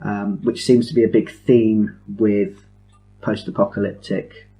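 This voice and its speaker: A man chats on a podcast in a lowish voice. He explains things with eager enthusiasm, rambles, and keeps adding self-mocking asides. His casual talk sounds like a conversation among friends. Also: level tone, unhurried, vocal fry, warm tone, faint music behind. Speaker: podcast host.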